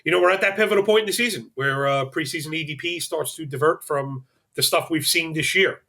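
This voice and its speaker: A man's voice: fairly high pitch, quick pace, vocal fry, bright, forceful tone. A man analyzing fantasy football on a podcast, rattling off stats and slipping in dry jokes. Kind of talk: fantasy sports podcast chat.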